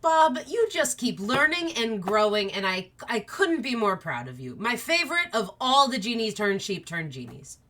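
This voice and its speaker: A woman game master narrates a tabletop game in a bright voice. She voices her characters in a warm, motherly way. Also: fairly high pitch, sing-song, moderate pace, few pauses.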